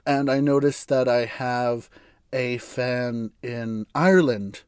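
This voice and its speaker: A man's voice: medium pitch, slow pace, clean tone, no room sound, clean studio sound. An American man hosting his own podcast, rambling casually with sarcastic asides and frequent laughs. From United States. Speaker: podcast host. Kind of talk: casual solo podcast monologue.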